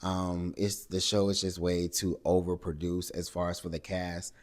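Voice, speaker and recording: A man with a very low, deep voice recaps a reality show casually and at length. He keeps a loose, conversational flow, with fillers and side comments throughout. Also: moderate pace. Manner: animated, acts out cast members' lines in higher voices. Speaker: recap host.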